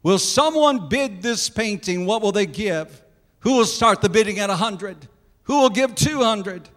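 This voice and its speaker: Insistent auctioneer man, acted by a male preacher, high-pitched, calling bids, reverberant hall. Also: lively intonation, measured pace, a bit bright. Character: persistent male auctioneer, steady.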